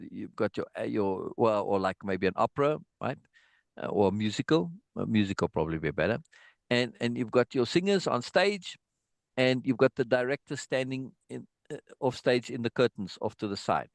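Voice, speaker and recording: A man teaching songwriting in a loose, chatty online class, working through his ideas out loud and tagging nearly every point with a questioning "right?". His voice sits at an everyday middle pitch, and the sound is dry and close, with no room around it. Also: no echo. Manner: thinks aloud, checks in with frequent "right?". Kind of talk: informal online lesson.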